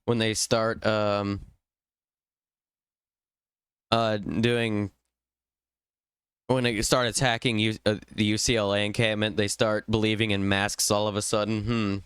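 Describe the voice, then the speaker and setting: Young male streamer from Indiana, loose rambling chat full of ums, smooth clear voice, dry close sound. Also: on the low side, level tone, a little slow, a bit bright, no echo. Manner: rambling, thinking aloud with fillers. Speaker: livestream host.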